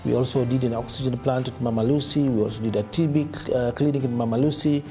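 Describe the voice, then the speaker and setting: A man speaks in a halting way, full of fillers, as a county health official. His voice is mellow and sits mid-range, with faint music behind him. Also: mid-range voice, steady tone. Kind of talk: spoken report to camera.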